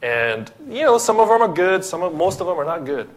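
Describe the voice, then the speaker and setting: A man's voice: sits high, sing-song, a little fast. A man from the Philippines, preaching a sermon as pastor, emphatic and full of rhetorical questions.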